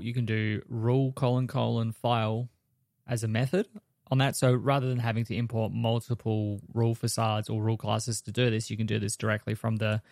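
A man co-hosting a podcast who goes through software changes one by one, steady and explanatory. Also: on the low side, gravelly, no room sound, studio quality. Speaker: podcast co-host. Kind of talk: technical news rundown.

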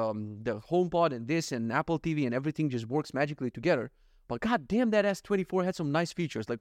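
Man, solo podcast host, slightly higher voice, jokey rambling delivery full of swearing, dry close-miked sound. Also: no echo. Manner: rambling, jokey, swears freely, acts out little scenes. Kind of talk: casual solo podcast monologue.

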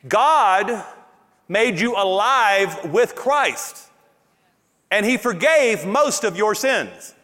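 A man with a Louisiana accent preaching a sermon as pastor, animated and emphatic, stretching out key words. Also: high-pitched, very slow. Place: church auditorium with congregation. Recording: long hall reverb in a church.

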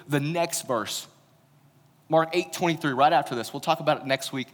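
A man's voice: a little high, normal speed. A young man preaching a candid, conversational sermon as pastor, acting out the voices he quotes. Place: church hall. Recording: long hall reverb.

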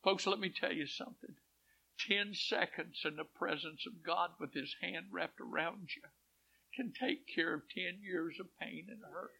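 A man preaching a sermon. He tells a story and swings from hushed quotes to loud swells. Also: high voice, moderate pace, creaky, slightly rough. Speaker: pastor. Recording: dull lo-fi church recording.

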